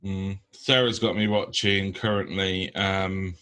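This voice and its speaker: A man's voice: sits low, little pitch movement, slow pace, sharp tone. A young man from the UK, co-hosting a podcast in casual, blunt chat full of ums. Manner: blunt, rambling with many ums. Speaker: podcast co-host.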